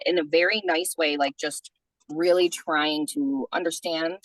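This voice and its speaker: Woman host, low voice, dry close sound, chatty storyteller with lots of fillers. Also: fairly even intonation, measured pace, dry recording, poor audio. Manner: chatty, full of "like" and "you know". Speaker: podcast host. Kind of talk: casual storytelling.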